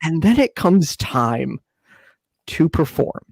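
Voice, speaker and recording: Animated young man telling a story. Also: slow, gravelly, breathy edge, no room sound. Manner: animated, acts out quotes in a high voice. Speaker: podcast co-host. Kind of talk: casual chat, storytelling.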